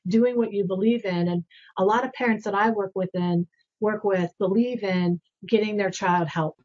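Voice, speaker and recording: A woman's voice: medium pitch, fairly even intonation, moderate pace, a little mellow, lo-fi sound. A woman speaking earnestly on a remote panel, stressing and repeating key phrases, over a video call.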